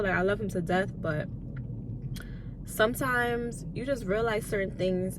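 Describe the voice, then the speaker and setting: A young woman in her twenties telling her life story in an emotional vlog, soft-spoken and on the edge of tears, with many "like"s. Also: on the low side, background noise. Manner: soft-spoken, filler-heavy, tearful at times. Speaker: YouTuber and lash tech.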